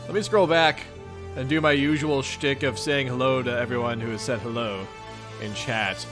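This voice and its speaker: A young Midwestern American man hosts a livestream where he reads a webcomic, greeting viewers in a playful, goofy, upbeat way. He speaks at a normal speed with a medium-pitched voice, and music plays in the background.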